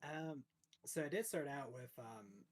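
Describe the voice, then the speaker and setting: A man's voice: medium pitch, lively intonation, a little slow. A man chatting casually as a streamer guest, rambling with lots of fillers, restarts and frequent laughter. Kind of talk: casual chat.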